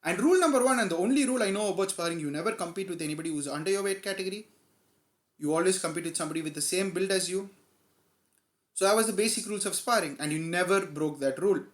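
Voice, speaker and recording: A man vlogger telling a personal story in a casual, animated way, stressing key moments. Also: high-pitched, fast talker, roomy sound. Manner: animated, emphatic retelling with quoted dialogue.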